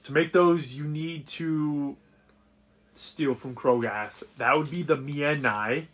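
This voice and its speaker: Husky guy gm narrating a tabletop game, kinda high voice. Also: slow pace. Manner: casual, animated scene-setting. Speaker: game master.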